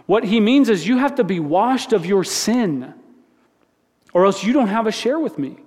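A man's voice: high-pitched, sing-song, normal speed, a little mellow, husky. A man preaching a conversational sermon in a church, talking informally, repeating words and asking the listeners questions. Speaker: pastor. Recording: long reverb of a large hall.

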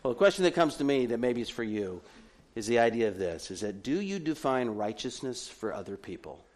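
Animated, lively male preacher. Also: mid-range voice, fairly quick. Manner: animated storytelling with humorous asides. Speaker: pastor. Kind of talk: sermon.

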